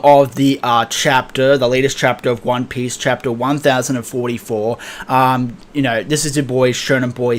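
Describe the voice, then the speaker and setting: Excitable young man gushing with fillers. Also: mid-range voice. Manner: excitable, heavy fillers, profane, laughs a lot. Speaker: manga reviewer. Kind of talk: casual comic recap and reaction.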